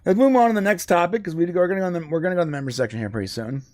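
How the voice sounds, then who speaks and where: A man chatting casually as a podcast co-host. His voice sits fairly high for a man and sounds dry and close to the mic. He talks loosely, with restarts and fillers. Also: very fast, darkish tone, no room sound. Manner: conversational, with frequent restarts and fillers. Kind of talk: casual live-stream chat.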